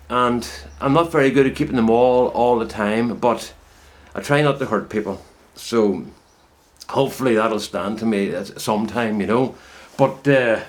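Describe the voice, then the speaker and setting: A middle-aged man talking casually to camera from his greenhouse, rambling and reflective as he chats about his potato growing. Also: mid-range voice. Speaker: home potato grower vlogger. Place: inside a greenhouse.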